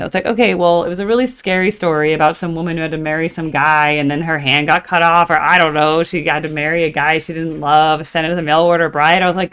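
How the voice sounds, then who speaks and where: A woman's voice: deep voice, steady tone, quick pace, few pauses, fairly bright tone, smooth. An American woman hosting a music reaction video, rambling in casual chat with frequent fillers. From United States. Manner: sings snatches of songs. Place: at home in the morning.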